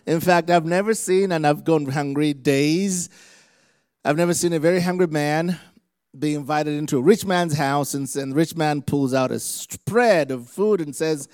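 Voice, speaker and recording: A man from Africa, a visiting preacher giving a lively sermon, acting out the voices of others as he goes. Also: fairly high pitch, normal speed, smooth, no room sound, studio quality. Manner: animated, acts out voices of others.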